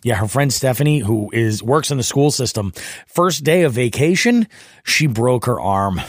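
Relaxed middle-aged man, rambling chat. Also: mid-range voice, moderate pace, dry recording, studio quality. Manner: relaxed, rambling, easy agreement. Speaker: podcast co-host. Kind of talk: casual chat.

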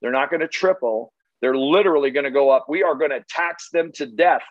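A man's voice: medium pitch, brisk, no room sound, muffled recording. A man giving a blunt, punchy sales talk full of rhetorical questions and the odd curse. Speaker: solar sales trainer.

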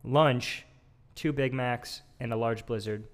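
A man's voice: mid-range voice, steady tone, slow pace. Young guy chatting on a podcast, mid voice, laughs at himself a lot. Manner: laughing, self-deprecating. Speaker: podcast co-host. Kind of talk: casual chat. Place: back of a gym.

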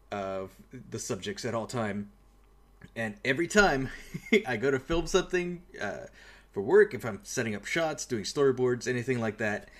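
A man co-hosting a casual movie podcast, explaining things in a steady, clear way with a few fillers. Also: medium pitch. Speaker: podcast co-host.

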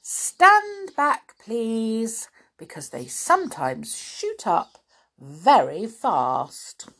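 A woman reading aloud, voicing a cheerful, hearty young man from a fairy tale in a high, gushing voice. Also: huge pitch swings, drawn-out words, a bit bright, exaggerated voice.

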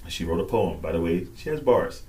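Podcast co-host, man, low-pitched, lively storyteller who acts out quotes. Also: fairly quick. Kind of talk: casual chat.

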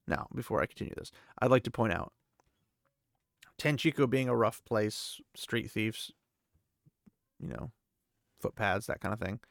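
A man's voice: on the low side, a little slow, vocal fry, pauses often, no room sound, studio quality. A man hosting a podcast, recapping a book chapter casually, rambling and thinking aloud with many fillers. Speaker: podcast host.

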